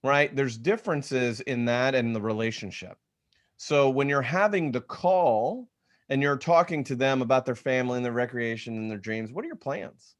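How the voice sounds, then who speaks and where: A man teaching real estate agents on a video call, energetic and conversational, often restarting his sentences. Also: mid-range voice, moderate pace. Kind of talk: webinar teaching talk.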